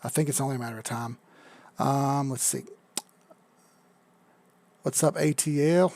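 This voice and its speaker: A man's voice: mid-range voice, steady tone, a little slow, gravelly, darkish tone. A man hosting a crypto live stream, talking casually and rambling while he charts, swearing now and then and reading out chat. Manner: laid-back, rambling, swears casually, reads chat aloud.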